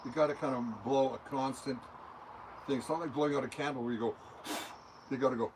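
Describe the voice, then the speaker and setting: A man's voice: mid-range voice, fairly quick, vocal fry, pauses often. Older male musician, mid-range voice, chatty rambling interview answers, studio room with audible background noise. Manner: rambling, anecdotal, talks with his hands through examples. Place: recording studio.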